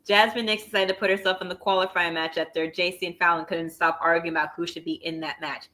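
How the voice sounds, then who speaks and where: A woman co-hosting a wrestling review livestream, explaining points in a quick, firm way. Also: fairly low pitch, steady tone, sharp tone. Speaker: wrestling review show co-host. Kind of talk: livestream chat.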